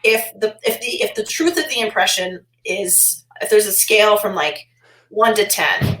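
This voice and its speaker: Woman podcast guest, rambling and animated, roomy recording. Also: medium pitch, normal speed. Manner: rambling, many "like" fillers, animated quoting. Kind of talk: casual interview chat. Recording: roomy echo.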